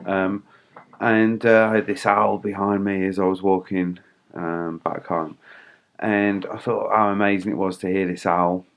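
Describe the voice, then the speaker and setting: A man's voice: low voice, level tone, a little slow. A man vlogging in a rambling, indignant way, swearing and laughing wryly between fillers. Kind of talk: casual ranting monologue.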